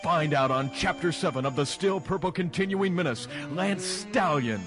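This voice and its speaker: A man's voice: fairly high pitch, normal speed, over music. A man announcing a comedy radio serial, theatrical and punning. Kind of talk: mock-dramatic serial announcing.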